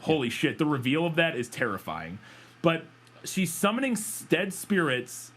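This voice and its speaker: A man's voice: a little high, big pitch swings, normal speed, a bit bright, faint music behind. A man co-hosting a podcast, chatting loosely about a bad movie, rambling, laughing and swearing freely. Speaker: podcast co-host. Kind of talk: casual chat reviewing a film.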